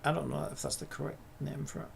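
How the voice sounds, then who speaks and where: A man's voice: fairly high pitch, flat delivery, fast, vocal fry, slight background noise. A man streaming live while building a game, thinking aloud in a rambling, casual way and swearing now and then. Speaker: streamer and indie game developer.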